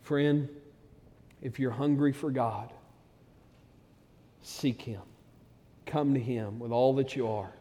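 A man preaching a sermon, talking plainly to his flock, then building to loud, excited peaks. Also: mid-range voice, takes it slowly, long pauses, in a large hall. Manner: conversational preaching that swells to loud, excited climaxes. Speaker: pastor.

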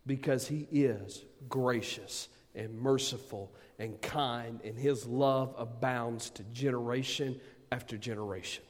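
A man preaching a sermon, swinging from booming emphasis to quiet asides. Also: measured pace. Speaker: pastor. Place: church sanctuary. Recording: long hall reverb.

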